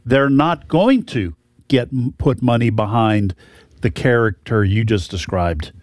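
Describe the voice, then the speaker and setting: A man's voice: mid-range voice, unhurried, a little mellow, dry recording, studio quality. A man co-hosting a political talk radio show, making his points in an opinionated, emphatic way.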